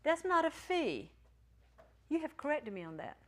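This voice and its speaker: A woman's voice: sits high, very animated, moderate pace. A woman teaching a Greek class in a classroom, chatty and encouraging, joking with her students. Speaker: Greek teacher at a ministry school. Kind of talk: classroom lecture.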